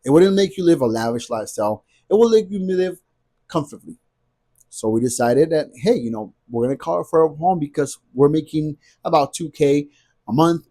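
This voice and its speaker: A man in his thirties vents straight to camera in a casual vlog. His voice is husky and mellow, a bit higher than usual for a man, and he hammers his points home with repetition. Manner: emphatic, repetitive, ranting. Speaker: vlogger.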